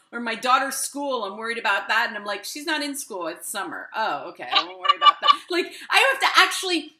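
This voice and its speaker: Animated woman host in an echoey room. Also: sits high. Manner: animated, laughing, talks herself through quoted thoughts. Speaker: podcast host. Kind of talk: casual conversation.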